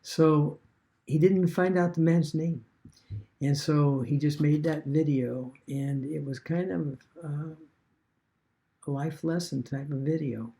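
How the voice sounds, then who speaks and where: Guy vlogging a story, gravelly dark voice, lots of uhs and restarts. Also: a little high, steady tone. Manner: rambling, halting with fillers and restarts. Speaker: online business vlogger. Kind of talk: casual retold story.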